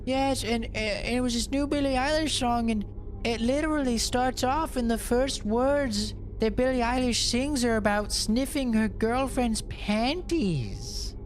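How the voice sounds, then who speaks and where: A man voicing his prim, scandalized older mother in a high, genteel, prissy voice. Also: a little slow, a little hiss or hum.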